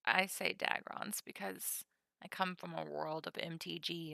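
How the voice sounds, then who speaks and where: Bright, chatty woman streamer. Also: fairly low pitch, lively intonation, moderate pace, creaky, no room sound. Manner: chatty and playful, whispers while counting cards. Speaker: streamer cataloging trading cards. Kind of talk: casual live-stream chat.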